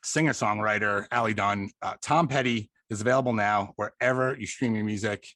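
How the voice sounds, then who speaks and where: A man's voice: on the low side, fairly quick, a bit bright, a little hiss or hum. A man from Long Island with a Long Island New York accent, hosting a podcast in casual interview chat, laughing often and poking fun at himself. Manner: laughs often, chatty and self-mocking. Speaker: podcast host.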